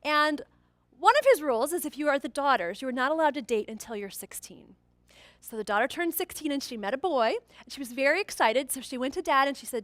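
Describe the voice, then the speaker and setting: Animated, high-voiced woman trainer. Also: quick pace, dry recording. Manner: animated storyteller acting out quoted characters. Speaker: corporate trainer and keynote speaker. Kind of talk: storytelling keynote talk.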